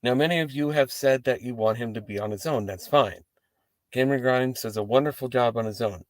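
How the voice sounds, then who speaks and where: A man's voice: medium pitch, a little fast, no room sound. A man hosting a wrestling post-show, talking casually and profanely to the camera from inside his parked car. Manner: rambling, profane, animated asides.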